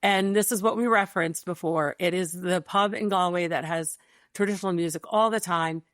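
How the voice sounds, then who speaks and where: A woman co-hosting a podcast in casual chat, chatty and quick to laugh, with a dry close sound. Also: on the low side, fairly bright tone, dry recording. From Michigan, USA. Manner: chatty, laughs often, quick-fire questions. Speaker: podcast co-host.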